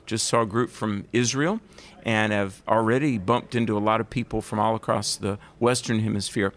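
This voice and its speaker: A man's voice: lowish voice, steady tone, moderate pace, a bit bright. A man with a Southern US accent hosting a radio interview, chatty and enthusiastic with a rambling way of talking. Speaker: radio show host. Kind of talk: casual interview chat.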